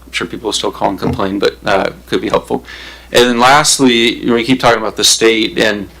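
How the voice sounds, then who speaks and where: A man on the city council giving remarks at a public meeting, halting and full of fillers. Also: fairly low pitch, fairly even intonation, vocal fry, bright, forceful tone, rough recording. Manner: halting, many fillers and restarts. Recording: government meeting broadcast.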